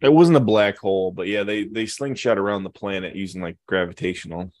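Low-voiced laid-back male co-host. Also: brisk, a little mellow, no echo, clean studio sound. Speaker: podcast co-host. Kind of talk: casual chat.

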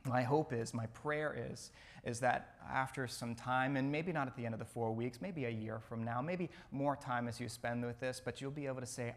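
A man's voice: medium pitch, fairly even intonation, moderate pace. Earnest male pastor preaching. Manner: earnest, repeats phrases for emphasis. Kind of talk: sermon. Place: church sanctuary.

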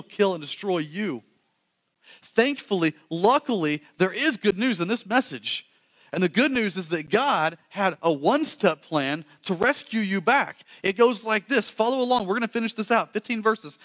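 A male pastor preaching a sermon, animated and quick, swinging from loud emphasis to hushed lines. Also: high voice.

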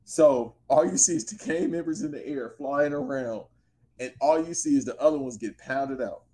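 A man in easy conversation, spinning a story with lots of slang and lively asides. His pitch sits in an ordinary middle range, and he talks in a loose, laid-back way. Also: normal speed. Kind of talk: casual storytelling chat.

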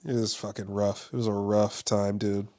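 A man's voice: lowish voice, level tone, normal speed, warm tone. A young man from Los Angeles talking in a rambling, casual monologue, full of profanity, fillers and restarts.

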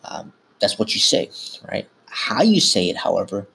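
A man's voice: lowish voice, big pitch swings, normal speed, gravelly, fairly bright tone, slight background noise. A man hosting a podcast, talking informally and instructively in a casual monologue, often correcting himself mid-sentence. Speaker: podcast host.

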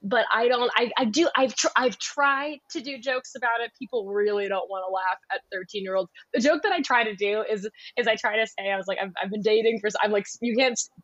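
A young woman comedian chatting on a podcast, rambling and animated, often slipping into voices. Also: on the high side, brisk, few pauses, no room sound, lo-fi sound. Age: young adult. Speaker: comedian guest. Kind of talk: casual podcast chat.

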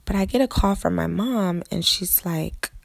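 A woman's voice: on the low side, moderate pace, vocal fry, dry recording. A woman pastor telling a personal testimony in an earnest way, often speaking straight to her listeners as "guys".

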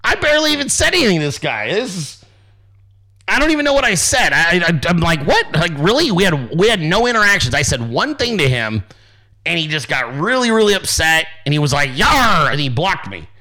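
A man hosting a podcast, ranting in a casual, sarcastic and profane way with loud outbursts. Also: a little high, very animated, fairly quick. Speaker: podcast host.

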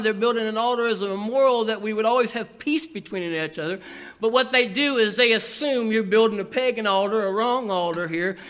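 A male pastor preaching an animated sermon who keeps calling on the congregation to answer back and often tacks the word "here" onto his sentences. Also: very high-pitched. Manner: animated, calls for audience response; repetitive filler "here".

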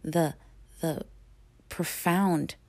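A woman speaks slowly and earnestly in a lower voice, giving a motivational talk. She leans on words for emphasis, lets dramatic pauses hang, and sometimes sinks into a hushed whisper. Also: fairly even intonation.

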